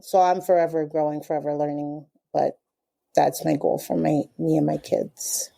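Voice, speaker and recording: A middle-aged woman talks earnestly as a podcast guest, pausing and restarting as she reflects. Her voice is low and warm, with a mellow tone. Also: little pitch movement, creaky. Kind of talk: casual chat.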